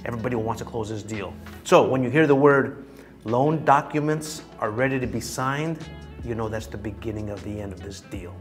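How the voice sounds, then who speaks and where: Animated male real estate instructor. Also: medium pitch, brisk, soft background music. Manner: lively, theatrical, acts out dialogues. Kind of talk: animated teaching talk.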